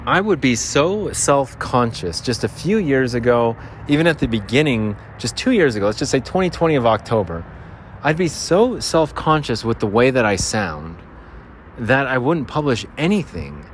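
A man's voice: medium pitch, very animated, moderate pace. A man with a nasal voice rambles through a casual podcast monologue. He jokes at his own expense and wanders from thought to thought. Faint traffic hums behind him outdoors. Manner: rambling, self-deprecating, jokey. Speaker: podcast host. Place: outdoors by a freeway. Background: traffic and motorcycles.

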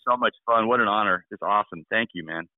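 A man's voice: fairly low pitch, fast, no room sound. A male rock musician telling stories in a casual interview, rambling with restarts. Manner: rambling, with frequent restarts and laughs. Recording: tinny phone line.

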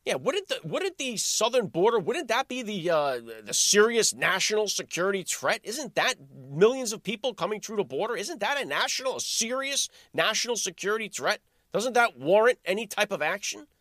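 A man's voice: sits high, very animated, normal speed, few pauses, fairly bright tone, no room sound, studio quality. A male podcast host giving a sarcastic political commentary monologue full of rhetorical questions.

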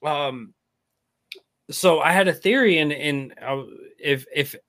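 A man as a podcast guest, talking politics in an animated, rambling way with many restarts. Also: fairly high pitch, slow pace. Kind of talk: casual political talk.

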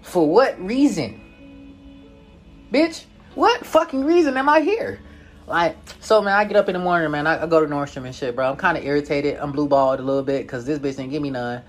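A young man telling a casual story in a profane, slangy, animated way, full of filler tags. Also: on the high side, quick pace, few pauses, soft background music.

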